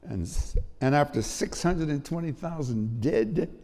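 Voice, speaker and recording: A man's voice: a little high, expressive, unhurried, a little mellow. A man in his eighties giving an emotional speech at an award event, telling stories with repetitions. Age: 80s. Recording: long hall reverb.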